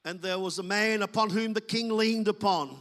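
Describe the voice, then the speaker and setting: A man's voice: high-pitched, normal speed, a bit bright, in a large hall. A man preaching a sermon as pastor, talking to the congregation in a loose, conversational way and acting out quoted voices.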